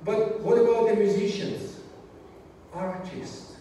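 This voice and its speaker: A man preaching a sermon in a church, speaking slowly and deliberately, often dropping his voice low for emphasis. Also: fairly even intonation, mellow, slight background noise. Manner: slow, measured delivery with dramatic drops in volume. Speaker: pastor. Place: church sanctuary. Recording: echoey church hall, from far off.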